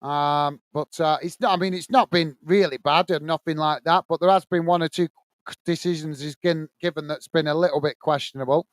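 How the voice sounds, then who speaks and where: High, smooth-voiced British man hosting. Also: fairly even intonation, a little fast, dry recording. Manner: friendly, reads viewer comments aloud and greets them as mate. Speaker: host of a football watch-along stream. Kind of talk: live chat reading during a match stream.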